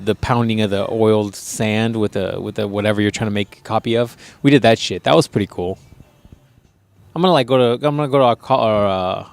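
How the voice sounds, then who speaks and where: A man's voice: mid-range voice, darkish tone, no room sound. A young man co-hosting a casual podcast, laughing often and riffing on the stories. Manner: laughs often, riffs on the other host's stories. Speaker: podcast co-host. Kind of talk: casual chat.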